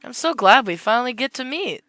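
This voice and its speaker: A man voicing a towering, obsessive knight who gushes over his idol and keeps trying to calm himself. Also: very high-pitched, fairly quick, no echo, pitched above the performer's own voice, heavily acted. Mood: gushing. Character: towering male knight-fan, obsessive, axe-wielding, twitchy.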